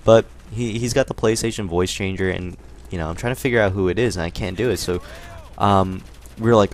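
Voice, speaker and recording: A young man telling a rambling, animated story while commentating on a game, with lots of fillers. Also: fairly low pitch, brisk. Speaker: gaming commentator. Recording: faint gunfire noise behind. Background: game gunfire.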